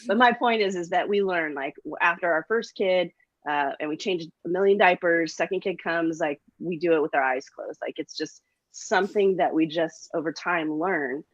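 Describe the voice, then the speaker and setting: A middle-aged woman talks in a casual motivational chat with a fairly low voice. She is upbeat and encouraging, with lots of ums and likes. The sound is dry and a little muffled. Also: moderate pace, no room sound. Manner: upbeat, encouraging, many fillers. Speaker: co-host.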